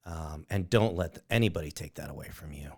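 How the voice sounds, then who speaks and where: Deep-voiced man co-hosting a podcast. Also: fairly quick, a little mellow. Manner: earnest, advocating, many fillers. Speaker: podcast co-host. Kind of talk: casual chat.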